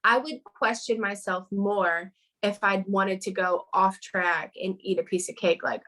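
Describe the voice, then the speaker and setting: A woman's voice: medium pitch, fairly even intonation, unhurried, fairly bright tone, low-quality recording. A woman speaking as a guest in a casual interview over a video call, earnest and chatty with lots of fillers.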